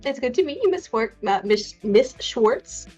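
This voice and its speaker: A woman's voice: a little high, animated, normal speed, a little mellow, highs cut off, faint music behind. A woman voicing a polite, slightly nervous young woman in a tabletop game, speaking in a hesitant way.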